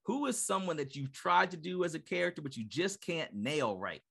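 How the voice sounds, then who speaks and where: A man's voice: on the high side, sing-song, normal speed, vocal fry, fairly bright tone, slightly rough. A man hosting a podcast, asking questions in a loose, wordy way. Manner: wordy, rambling question setups. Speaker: podcast host. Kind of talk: casual podcast interview.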